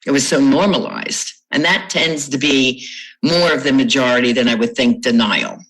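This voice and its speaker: A woman's voice: extremely low pitch, moderate pace, fairly bright tone, poor audio. A middle-aged woman from Florida, a trauma recovery coach, answering interview questions in an explanatory way, telling client stories with light laughs.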